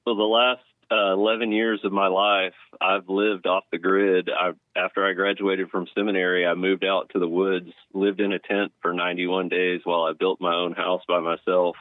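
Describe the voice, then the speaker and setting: A man from North Texas calling in to a talk show, speaking in an unhurried, hesitant way with many pauses. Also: low-pitched, little pitch movement, no room sound. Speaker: caller. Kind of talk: casual call-in chat. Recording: tinny phone line.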